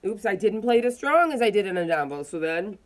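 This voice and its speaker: A woman teaching a violin lesson, calmly explaining bowing technique step by step while demonstrating. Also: mid-range voice, fast, faint music behind. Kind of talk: casual instructional explanation.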